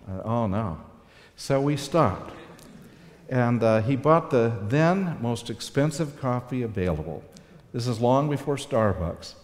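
A man's voice: medium pitch, a little mellow, big-room sound. A man telling a personal story in a sermon-style talk, earnest and reflective, with emotional swells. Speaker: speaker giving a talk.

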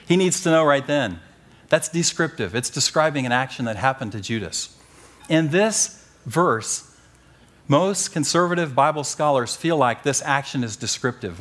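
A middle-aged man preaching and teaching from the Bible, animated and joking, pushing key phrases up with emphasis. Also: mid-range voice, measured pace. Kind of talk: sermon-style Bible teaching.

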